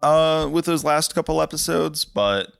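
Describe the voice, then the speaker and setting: A man's voice: on the high side, expressive, measured pace, gravelly, a bit bright, clean tone, no room sound. A man co-hosting a casual podcast chat, rambling and hedging with lots of restarts. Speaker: podcast co-host.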